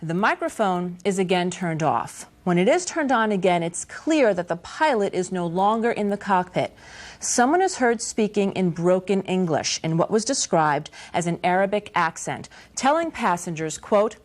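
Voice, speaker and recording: A woman news anchor reading a scripted report in a measured, serious way. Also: fairly low pitch, animated.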